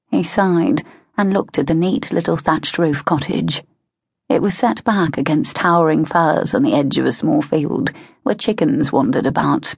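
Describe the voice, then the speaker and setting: A woman narrating an audiobook in a measured, expressive way, close to a studio mic. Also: low-pitched, creaky, husky, no echo. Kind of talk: scripted narration of a historical romance.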